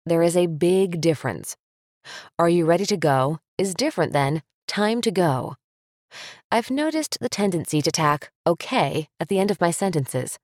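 A mother narrating a parenting book in a steady, firm, instructive way. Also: fairly low pitch, no room sound, studio quality.

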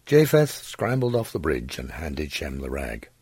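A man narrating an audiobook story in a steady, expressive way on a close studio mic. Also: very deep voice, measured pace, breathy edge, no room sound. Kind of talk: scripted narration.

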